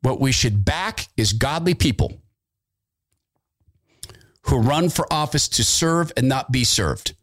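A middle-aged man hosting an opinionated political talk monologue, sarcastic and animated, with asides and mock voices. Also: medium pitch, slow, pauses often. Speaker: political commentary host.

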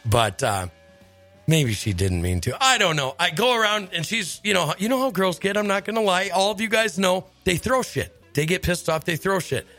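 A man hosting a radio show, telling stories in a lively casual chat and laughing often. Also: sits high, moderate pace, faint music behind. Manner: animated storyteller, laughs often. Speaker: radio host.

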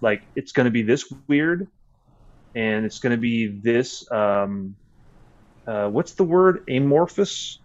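A man's voice: medium pitch, animated, slow pace, lo-fi sound. A man who is a podcast guest, chatting casually, rambling with lots of restarts and swearing. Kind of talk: casual chat.

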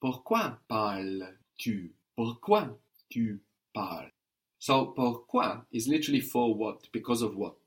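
A man teaching a language lesson, patiently repeating and modelling words. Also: lowish voice.

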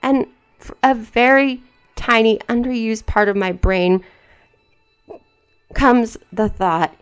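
A woman's voice: on the high side, fairly even intonation, slow pace, pauses often, clean tone, soft background music. A woman hosting a podcast, reading fan fiction aloud in a dramatic voice and breaking off for wry, mocking asides. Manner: wry, mocking asides between read passages. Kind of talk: dramatic reading with sarcastic commentary.

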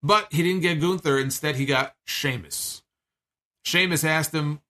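Guy doing a casual wrestling recap, bright forceful voice, rambles off on tangents. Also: fairly high pitch, a little slow. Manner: chatty, digressive, acts out quoted lines.

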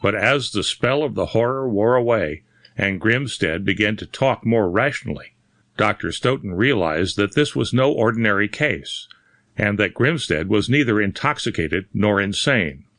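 A man narrating a horror story in a measured, dramatic reading. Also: fairly low pitch, lively intonation, a bit bright, dry recording, studio quality. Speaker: audiobook narrator. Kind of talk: scripted narration.

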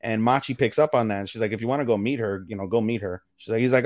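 A man's voice: lowish voice, darkish tone, no room sound. A man co-hosting a podcast who chats casually and swears freely while recapping episodes, and briefly voices the characters' lines. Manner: loose and profane, acts out characters' lines in quick voices. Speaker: podcast co-host. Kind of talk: casual anime recap chat.

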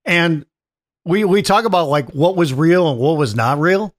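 A man with a high voice talks through a film in a casual chat. He is eager and explanatory and leans on "like" as he goes. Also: normal speed. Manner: eager, explanatory, uses filler like "like". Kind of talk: casual movie discussion.

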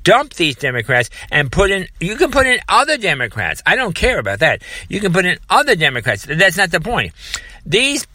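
A man's voice: sits high, wildly swooping pitch, moderate pace, bright, forceful tone, dry recording. A man, delivering an emphatic political commentary monologue with frequent repetition and mocking asides. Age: 70s.

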